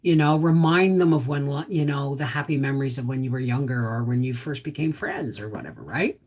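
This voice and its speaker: A woman's voice: a bass voice, animated, brisk, darkish tone. A middle-aged woman hosting a casual livestream, greeting viewers and answering their comments in a chatty, sympathetic way.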